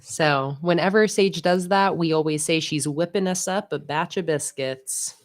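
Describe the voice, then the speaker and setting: A woman hosting a casual livestream, chatting in a relaxed way with frequent fillers. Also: low-pitched, unhurried. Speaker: livestream host. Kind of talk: casual livestream chat while planning.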